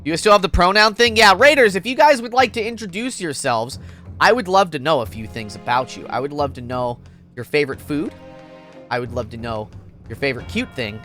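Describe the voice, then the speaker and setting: A woman's voice: sits low, lively intonation, a little fast, a bit bright, faint music behind. A young adult woman streamer chatting playfully with viewers during a casual game stream.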